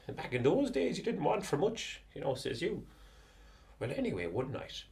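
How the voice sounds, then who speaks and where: Irish male storyteller, animated, rambling comic yarn, wide-ranging pitch. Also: vocal fry. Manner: chatty, digressive, animated.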